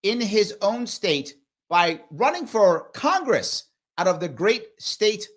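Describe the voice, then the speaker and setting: A man with a New York accent hosts a casual live show. His voice sits high for a man, and he talks in an animated, emphatic way. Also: slow. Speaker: host. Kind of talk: casual live-stream chat.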